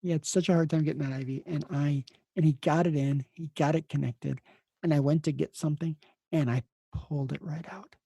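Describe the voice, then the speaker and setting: A man telling stories from his nursing career in a casual, rambling way, restarting his sentences again and again. His voice is low-toned, mellow and gravelly with a husky edge, recorded dry and close. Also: fairly even intonation, a little fast, dry recording. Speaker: podcast host and emergency nurse. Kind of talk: casual storytelling.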